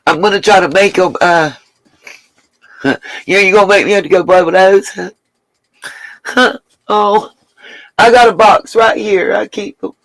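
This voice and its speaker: A woman's voice: mid-range voice, measured pace, pauses often, dry recording, low-quality recording. Woman on her livestream talking news, blunt and swears a lot, dry close sound. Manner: blunt, emphatic, chatty, swears freely. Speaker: livestream host. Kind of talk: live-stream commentary and chat reading.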